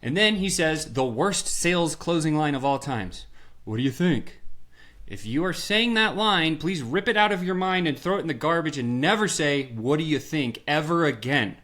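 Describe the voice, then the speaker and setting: Animated male sales guest with a slightly raised pitch, punchy and storytelling. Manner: animated, acts out little scenes in voices; punchy, rhetorical questions. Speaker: sales strategist and podcast guest. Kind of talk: energetic storytelling.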